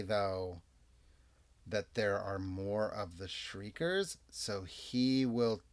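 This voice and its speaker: Man, solo tabletop game narration, unhurried, animated pitch, casual. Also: gravelly. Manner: unhurried, chatty, lively ups and downs. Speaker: game master and player.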